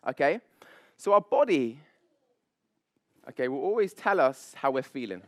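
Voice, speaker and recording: A man, a public speaking coach, leading a live seminar on stage with high energy, playful banter and frequent laughs. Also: very animated, normal speed, dry recording, clean studio sound. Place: event stage before an audience.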